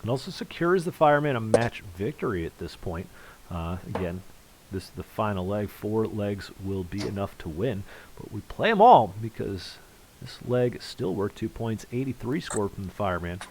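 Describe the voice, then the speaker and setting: A man's voice: lowish voice, animated, moderate pace, a little mellow, low-quality recording. Man, darts commentator, live play-by-play, casual chatty delivery, faint background hiss. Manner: conversational, reads out viewer chat comments; voice rises sharply on big finishes.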